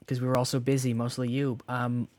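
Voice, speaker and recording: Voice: medium pitch, level tone, brisk, darkish tone. A podcast co-host, blunt and teasing, leading the segments in casual banter. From Canada (Toronto).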